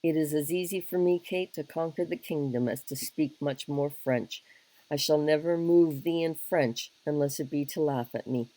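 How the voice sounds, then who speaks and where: Low-voiced woman reading a blunt soldier king. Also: moderate pace, warm tone, no room sound, lightly acted, rough recording. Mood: earnest. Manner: earnest, plain-spoken wooing. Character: young English king, blunt soldierly wooer. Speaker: teacher reading a play aloud. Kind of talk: dramatic reading of a play.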